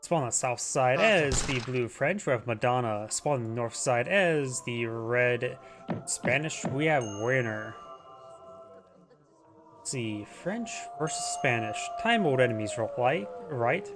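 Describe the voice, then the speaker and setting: A male caster talks through a strategy game replay in a loose, rambling way, often tripping over names. His voice sits at a middling pitch. Clear music plays under him. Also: lively intonation, a little slow. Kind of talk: casual replay commentary.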